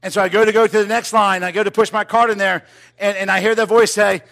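High-voiced preacher telling a story. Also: male voice, fast talker, creaky. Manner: animated, builds to loud excited telling; drops to quiet intimate tone. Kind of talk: sermon storytelling.

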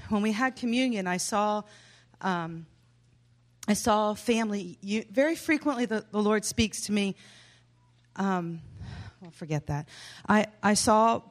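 A woman sharing a vision at a church service, earnest and hesitant, with many fillers and restarts. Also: mid-range voice.

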